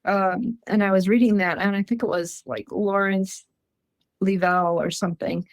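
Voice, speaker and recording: A woman from Minnesota talks through her experiences as an interview guest, rambling and chatty, often pausing on an um or restarting a sentence. Her voice sits at an ordinary middle pitch. The sound is dry and close, with no room echo. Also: steady tone. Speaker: guest describing encounters. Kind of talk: casual interview storytelling. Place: rural home.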